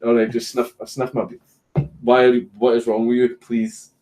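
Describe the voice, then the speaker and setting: A man's voice: medium pitch, level tone, normal speed, dark tone, low-quality recording. A Scottish man casually chatting on a home live stream, reading viewer messages, swearing and joking while a puppy distracts him.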